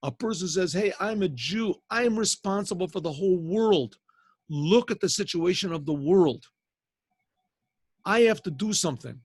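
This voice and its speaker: Sitting high in pitch, animated and at a normal speed, this older rabbi's breathy-edged voice comes through with no echo. In a casual online Torah class on a video call, he tells a story using quoted voices and Hebrew terms.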